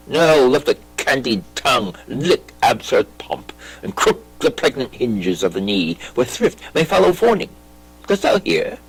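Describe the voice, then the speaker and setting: A man reading a classic play aloud, voicing a brooding, intense young prince with lively theatrical delivery. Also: mid-range voice, breathy edge, pitched below the performer's own voice, heavily acted, low-quality recording. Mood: earnest. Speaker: audiobook reader.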